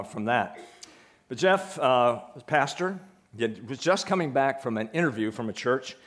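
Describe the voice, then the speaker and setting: A male pastor preaching a sermon in a conversational way, putting questions to the congregation. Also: mid-range voice.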